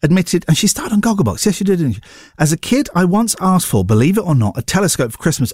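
A man's voice: high voice, sing-song, fast talker, a little mellow, no echo, clean studio sound. A man hosting a radio show, casually chatting about newspaper stories with wry asides. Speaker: radio host.

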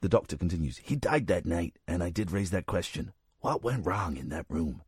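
A male radio host reads news items on air and keeps interrupting himself with dry, sarcastic remarks. His voice is very low and husky, yet his pitch swings widely as he talks. The studio sound is close and dry. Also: expressive, moderate pace, no echo. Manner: reads stories with sarcastic asides. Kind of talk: casual radio chat, reading news aloud. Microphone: studio microphone.

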